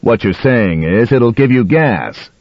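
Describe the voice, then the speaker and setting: A man voicing a measured, savoring male dinner guest, in a dull, dry audiobook recording. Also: medium pitch, expressive, dry recording.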